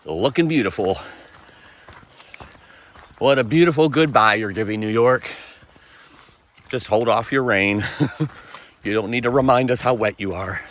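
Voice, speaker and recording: A man vlogging casually on a forest trail, chatty and self-amused, quick to laugh. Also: mid-range voice, fairly bright tone, a little hiss or hum. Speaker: thru-hiker vlogger. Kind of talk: casual vlog narration while hiking.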